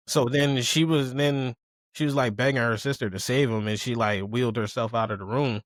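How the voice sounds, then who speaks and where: A man's voice: mid-range voice, normal speed, dry recording, clean studio sound. A man chatting casually on a podcast, retelling a story with acted quotes and lots of swearing. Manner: animated storyteller who acts out quotes, swears freely.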